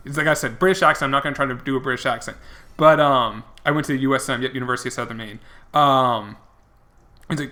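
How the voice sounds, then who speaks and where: A man's voice: on the high side, fast talker, sharp tone. A young man streaming a video game, telling stories and reading chat in a rambling, chatty way with lots of fillers. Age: young adult. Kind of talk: casual commentary while gaming.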